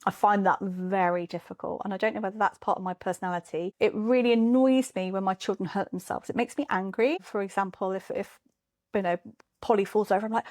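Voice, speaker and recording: A woman, telling parenting stories in a candid, animated conversation. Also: medium pitch, brisk. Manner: animated storyteller, acts out quoted voices. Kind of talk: candid casual chat.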